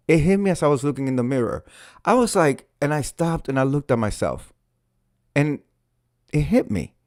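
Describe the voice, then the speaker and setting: A middle-aged man tells a story on his live stream, theatrical and quick to curse. His voice sits a little high for a man and swings widely in pitch. The sound is close and dry. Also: no room sound. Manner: animated, theatrical, swears freely. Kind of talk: storytelling monologue.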